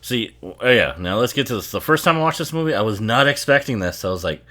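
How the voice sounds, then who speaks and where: Sharp-toned and mid-range, this man's voice is sing-song and fast. He watches a movie while drinking bourbon, offering casual commentary that rambles, swears freely, and breaks into laughter often.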